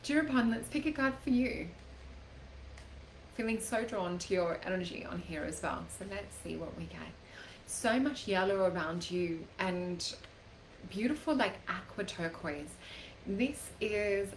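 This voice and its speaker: A woman's voice: mid-range voice, lively intonation, measured pace. Chatty woman host in an echoey room. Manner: gentle, chatty, many fillers like "like" and "um". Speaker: psychic reader, live show host. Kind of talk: casual live-stream reading. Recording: echoey room, faint background noise.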